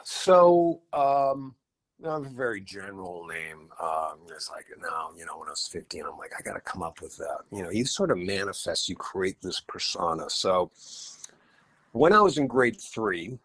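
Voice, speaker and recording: A middle-aged man with a lowish voice tells rock-world stories as a podcast guest. He talks in an easygoing way and jumps into bright, lively impressions when he quotes people. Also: normal speed. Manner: animated anecdotes with acted-out quotes. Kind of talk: casual storytelling interview.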